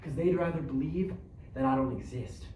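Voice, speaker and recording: A man's voice: mid-range voice, normal speed, mellow, a little hiss or hum, lightly acted. An actor on a theater stage playing a streetwise young man who believes he is Batman, talking in slang and acting out fights with sound effects. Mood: brooding. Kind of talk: theatrical monologue. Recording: echoey stage recorded from far off.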